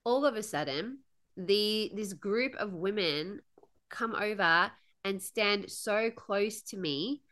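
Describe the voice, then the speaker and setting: A woman co-hosting a podcast, telling travel stories in a lively, laughing way. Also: medium pitch, slow pace. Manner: animated, laughs often while telling stories. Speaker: podcast co-host. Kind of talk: casual storytelling chat.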